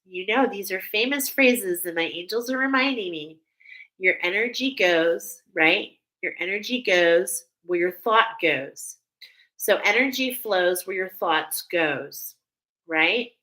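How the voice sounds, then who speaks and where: Woman, spiritual reader, bright clear tone, chatty and soothing. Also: medium pitch, animated, slow, poor audio. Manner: soothing, chatty, repeats "okay?". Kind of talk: channeled guidance talk.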